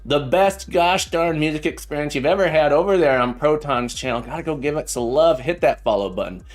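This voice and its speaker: A man's voice: on the high side, brisk. A middle-aged man hosting a casual live coding stream as a programming teacher, playful and punning, often repeating his phrases. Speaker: livestream host and programming teacher. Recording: faint background music.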